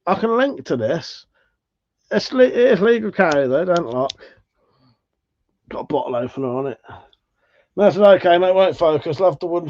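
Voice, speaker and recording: A man's voice: high voice, lively intonation, moderate pace, long pauses, a little mellow. Tired male streamer, laid-back and sweary, on a dull lo-fi mic. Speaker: livestream host. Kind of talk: casual live chat.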